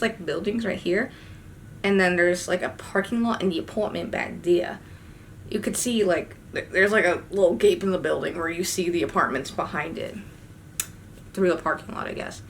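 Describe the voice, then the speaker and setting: Animated young woman telling a story. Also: lowish voice, a little hiss or hum. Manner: animated, swearing, slangy storytelling with sudden outbursts. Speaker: vlogger. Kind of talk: casual storytime.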